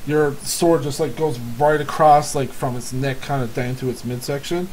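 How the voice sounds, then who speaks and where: A man's voice: mid-range voice, normal speed, few pauses, darkish tone, a little hiss or hum, low-quality recording. A man narrating as game master in a casual, giggly way with many fillers.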